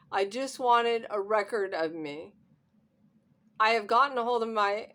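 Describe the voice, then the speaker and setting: A woman's voice: on the high side, fairly bright tone. A hard-of-hearing woman vlogging at home into her camera, upset and trying not to cry, with nervous laughs. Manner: upset, holding back tears, nervous laughter. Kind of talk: emotional personal vlog.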